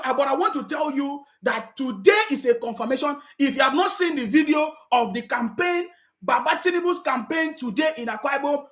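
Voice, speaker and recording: A woman's voice: high voice, fairly bright tone. A woman with a Nigerian accent giving emphatic political commentary in a vlog, repeating her points and slipping into pidgin. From South South Nigeria. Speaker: political vlogger.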